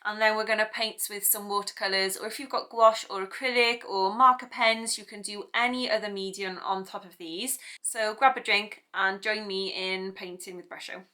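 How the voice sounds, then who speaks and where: A chatty British woman hosts an art tutorial in a casual, rambling way, often laughing at herself as she goes. Her voice is bright and forward. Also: mid-range voice, steady tone, moderate pace, few pauses. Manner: chatty, self-deprecating, rambling asides. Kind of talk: casual chat to camera.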